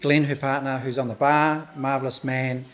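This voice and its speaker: A man giving a thank-you speech at a gallery opening. He talks in a nervous, halting way, with restarts and soft laughs, his voice a little hoarse and thick with emotion. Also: medium pitch, level tone. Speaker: exhibiting artist.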